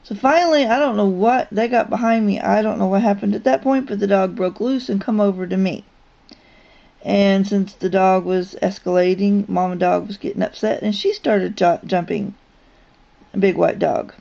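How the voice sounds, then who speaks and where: Woman vlogger, dark mellow tone, casual and rambling storyteller, full of ums and restarts. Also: medium pitch, normal speed, vocal fry. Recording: dull lo-fi recording.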